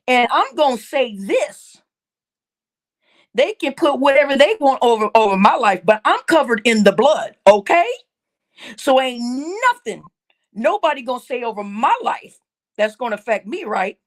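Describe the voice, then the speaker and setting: A high-voiced woman hosts a livestream and rants in heated indignation at her viewers. She scolds them and stacks up repeated phrases as she hammers each point home. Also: lively intonation, a little slow, pauses often. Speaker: livestream host.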